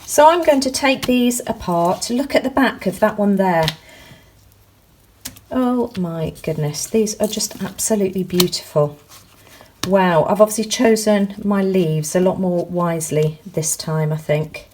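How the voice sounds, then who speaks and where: A woman narrating a craft project in her home kitchen, chatty and full of ums, gushing with excitement as she works. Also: medium pitch, measured pace, slight background noise, poor audio. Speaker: crafts vlogger. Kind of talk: casual how-to narration.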